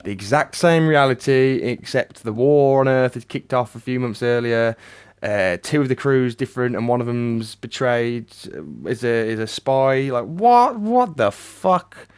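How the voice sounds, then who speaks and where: A man giving a ranting, sardonic movie review, swearing a lot and swinging between flat mutters and loud outbursts. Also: mid-range voice, normal speed, clear, resonant tone.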